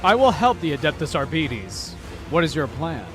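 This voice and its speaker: Male streamer, casual gaming chat, swears a lot, animated pitch, somewhat high. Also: normal speed, music in the background. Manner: excitable, swears freely, reads on-screen text aloud. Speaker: streamer playing a video game.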